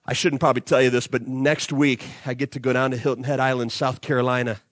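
A man preaching an animated youth sermon, acting out the disciples and crowd as he tells the story. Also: mid-range voice, quick pace, dry recording. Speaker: youth pastor.

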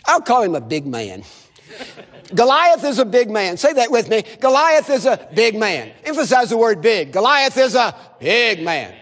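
A man preaches with a high, lively voice that swoops up and down as he leads the crowd in repeating lines. His sermon rings out through a hall with a long echo. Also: normal speed. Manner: animated, has the audience repeat phrases. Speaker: visiting preacher. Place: chapel service.

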